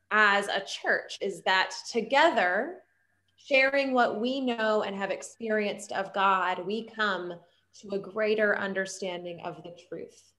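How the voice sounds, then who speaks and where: A woman leading a church service, speaking gentle, measured words of thanks and reflection. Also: mid-range voice.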